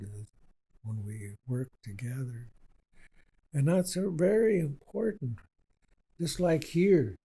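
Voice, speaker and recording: An older man, an Indigenous elder, telling stories in a slow, repetitive, earnest way during a conversation. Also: mid-range voice, warm tone, breathy edge, rough recording. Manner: unhurried and repetitive, speaking with conviction.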